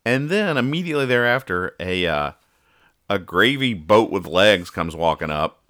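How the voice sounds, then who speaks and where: A man hosts a casual podcast reading the comics, rambling and joking while stumbling and restarting often. His voice is low and very animated with a fairly bright tone at a moderate pace, recorded at studio quality with no room sound.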